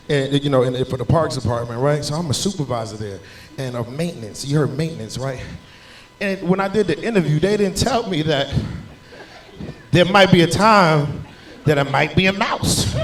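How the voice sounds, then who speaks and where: A young stand-up comedian from New Jersey with a high voice performs on a club stage into a handheld mic. He tells animated stories and swings into loud, shouted bits.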